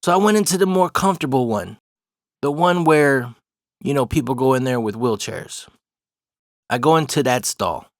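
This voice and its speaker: A man in the middle of a casual personal story, cursing freely and laughing along as he goes. His voice sits at an ordinary middle pitch. The sound is close and dry, with no room around it. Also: expressive, normal speed, no room sound. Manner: profane, laughs through the story.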